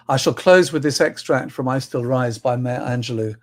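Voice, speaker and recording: A man giving a talk at a livestreamed event, reading and introducing poems, stressing lines strongly and letting phrase ends fall soft. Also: medium pitch, normal speed, few pauses. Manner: expressive reader, swings between loud stresses and soft trailing ends. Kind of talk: spoken talk with poetry readings.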